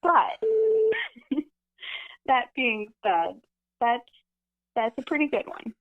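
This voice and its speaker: A woman's voice: fairly high pitch, animated, slow pace. A woman calling in to a live stream, chatting with wry, dry humor. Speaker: caller. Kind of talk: call-in chat. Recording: tinny phone line.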